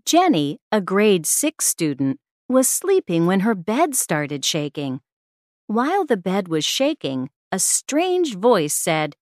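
Female textbook narrator: slow, clear, very expressive read. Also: mid-range voice, dry recording, studio quality. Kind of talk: slow scripted story reading for learners.

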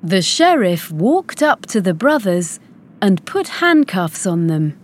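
A woman reading a children's storybook aloud in a slow, clear and careful way. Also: medium pitch, sing-song. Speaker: narrator.

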